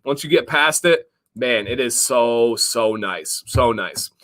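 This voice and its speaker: A man's voice: medium pitch, expressive, takes it slowly, a bit bright. A man co-hosting a casual live stream, chatty and upbeat, greeting viewers and reading their comments. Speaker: livestream co-host.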